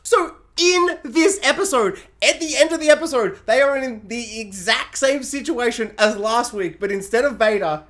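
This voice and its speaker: A man's voice: very high-pitched, animated, moderate pace, few pauses, fairly bright tone. A man ranting sarcastically in a casual, rambling review. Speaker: video reviewer.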